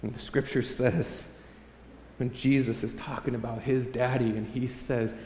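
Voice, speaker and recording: A man in his thirties preaching a sermon, telling a personal story with animated delivery and acting out voices. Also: medium pitch, moderate pace, vocal fry, a little hiss or hum. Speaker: pastor. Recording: echoey hall reverb.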